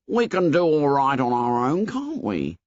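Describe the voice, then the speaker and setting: A man voicing an anxious, fussy schoolboy who talks in rough grammar and is eager to please. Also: medium pitch, huge pitch swings, unhurried, a little mellow, no echo, pitched above the performer's own voice. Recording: dull, dry studio audio.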